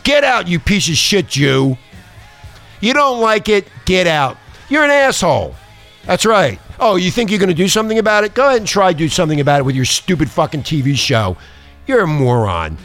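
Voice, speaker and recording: A man's voice: high voice, sing-song, brisk, a bit bright, faint music behind. A man hosting a talk radio show, ranting angrily with profanity and mocking sarcasm. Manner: angry, profane, combative ranting.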